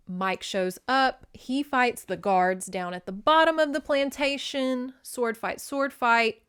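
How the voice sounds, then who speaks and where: A woman's voice: on the high side, takes it slowly, few pauses, fairly bright tone, clear, resonant tone. A woman hosting a podcast, casually recapping a novel in a chatty, profane way with lots of "like" fillers. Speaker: podcast host.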